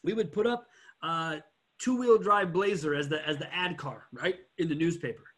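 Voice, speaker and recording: A man's voice: on the high side, moderate pace. A man who used to run a car dealership, chatting on a podcast and acting out customers as he tells stories. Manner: animated storyteller, acts out customers, swears. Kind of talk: casual podcast chat.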